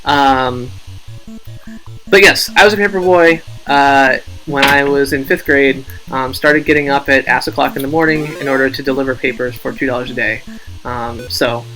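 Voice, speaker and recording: A man's voice: mid-range voice, steady tone, normal speed, bright, forceful tone, soft background music, poor audio. A man hosting a casual game live stream, rambling, joking at his own expense and reading out viewer names.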